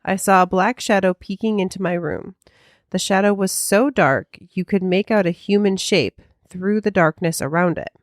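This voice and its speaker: A woman's voice: mid-range voice, moderate pace, dry recording, clean studio sound. A woman co-hosting a podcast, chatting casually and reading listener mail, often hedging with "I mean" and "um". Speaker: podcast co-host.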